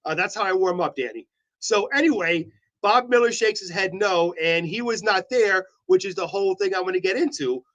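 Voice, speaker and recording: A man's voice: sits high, moderate pace, fairly bright tone, highs cut off. A man co-hosting a local morning show, joking and playfully defending himself in studio banter. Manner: playful, mock-defensive teasing.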